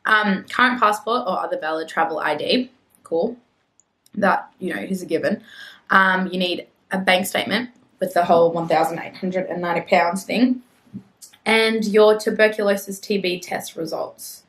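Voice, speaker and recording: A woman's voice: medium pitch, fairly even intonation, normal speed, a bit bright, poor audio. A young Australian woman in a casual vlog, chatty and self-mocking, reading website text aloud and drifting into muttered asides. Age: young adult. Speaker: vlogger.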